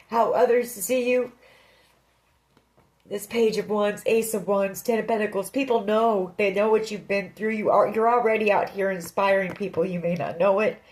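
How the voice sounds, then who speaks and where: A woman's voice: mid-range voice, steady tone, normal speed, few pauses, low-quality recording. A woman giving a tarot reading, speaking earnestly and directly to the listener. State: emotional. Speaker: tarot reader.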